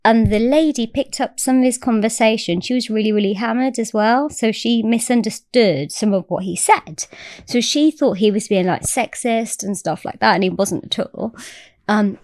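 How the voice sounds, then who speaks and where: A woman's voice: a little high, normal speed, a little mellow, no echo, clean studio sound. A woman telling a story as a podcast guest, chatty and swearing freely. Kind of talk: casual storytelling.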